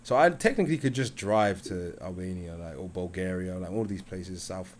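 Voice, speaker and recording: A man's voice: low voice, a little fast, slight background noise. A man hosting a live stream debate, chatting casually in slang and reading viewer comments aloud. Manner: laid-back slangy talk, reads chat aloud.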